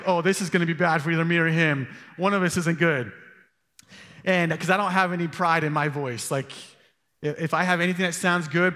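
High-voiced pastor preaching in a hall. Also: male voice, pushed and bright. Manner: conversational storytelling with asides. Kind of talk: sermon. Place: church hall.

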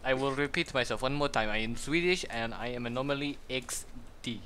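A man's voice: medium pitch, fairly quick, bright, forceful tone, a little hiss or hum, close to an everyday voice. A man doing a mocking impression of a famous Swedish YouTuber, bragging in stiff broken English. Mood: boastful. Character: mock famous Swedish male YouTuber boasting.

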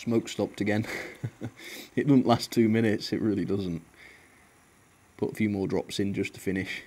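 A man's voice: on the low side, steady tone, a little slow, a little mellow. A young British man giving a chatty, blunt review of a model train on his video channel, laughing now and then.

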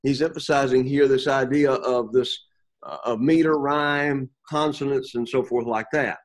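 A man teaching a Bible class to students, pausing often, repeating words and checking in with "okay?". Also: medium pitch, fairly even intonation. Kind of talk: classroom lecture with questions to students.

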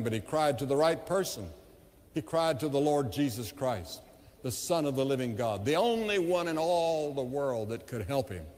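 Impassioned man preaching in a reverberant hall. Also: mid-range voice. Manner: impassioned storytelling with dramatic rises and hushed drops. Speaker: evangelist preacher. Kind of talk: sermon. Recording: long reverb of a large hall.

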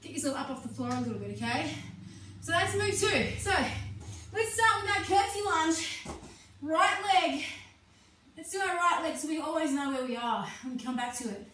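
A high, bright-voiced woman coaching a live workout class, cheering and whooping as she moves. She is out of breath from the exercise. Her voice echoes in a very roomy space, picked up from a distance. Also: normal speed, a little hiss or hum. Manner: energetic, cheering, whooping encouragement. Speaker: fitness instructor. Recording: echoey room, mic at a distance.

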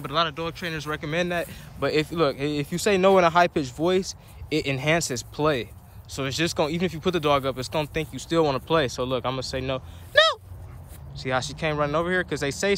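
Male vlogger, a bit high-pitched, loose rambling delivery, talking outdoors. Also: slight background noise. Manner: rambling, many fillers, breaks off to give his dog commands. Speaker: dog owner vlogger. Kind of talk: casual vlog chat. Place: outdoors on a dog walk.

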